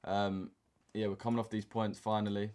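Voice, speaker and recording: A young man talks through his trading charts in a relaxed live stream, full of slang and banter with his viewers. His voice sits a little low. Keyboard typing and clicks come through behind him. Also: normal speed. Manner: laid-back banter with slang, reading chat aloud. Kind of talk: casual live-stream chat over charts. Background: keyboard typing and mouse clicks.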